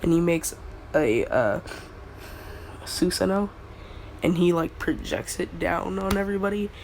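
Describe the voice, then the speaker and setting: A man's voice: sits high, lively intonation, a little slow, creaky, slight background noise, rough recording. A man casually retelling a fan story, rambling and slangy with lots of filler words.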